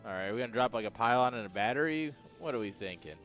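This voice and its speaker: Chill guy casting a game, bright voice, jokes around and laughs a lot. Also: mid-range voice, lively intonation, fast talker, faint music behind. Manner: laid-back, chuckling, jokey. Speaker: esports caster. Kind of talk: casual play-by-play commentary.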